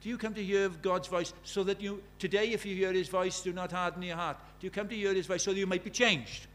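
A man's voice: sits high, fairly even intonation, a little fast, fairly bright tone. A man preaching a sermon in a conversational way, asking the congregation many questions and reciting scripture with rising force.

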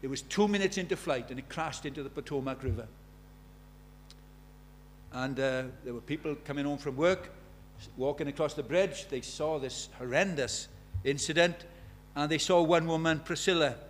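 An older man preaching an evangelistic sermon, impassioned, dropping to a hush and then rising loud. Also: a little high, moderate pace, a little hiss or hum. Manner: impassioned, swings from hushed to loud.

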